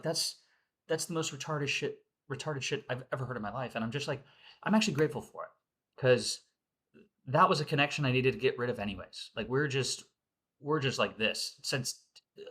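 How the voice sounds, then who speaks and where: A man's voice: medium pitch, bright, forceful tone. A man in his twenties venting in a casual monologue, heated and profane, repeating himself. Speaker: vlogger.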